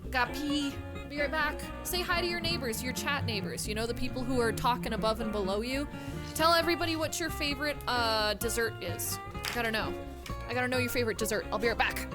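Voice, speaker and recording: A woman's voice: fairly high pitch, brisk. Playful young woman streamer, music behind. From not American. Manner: playful, chatty, talks to chat and the game. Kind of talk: casual live-stream chat while gaming. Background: background music.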